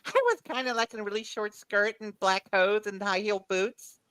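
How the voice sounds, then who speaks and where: A woman's voice: medium pitch, moderate pace, a bit bright, clear, resonant tone, no echo, rough recording. Chatty woman with a dry close sound. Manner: rambling, repeats words while recalling, laughs often. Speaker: guest. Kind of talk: casual chat.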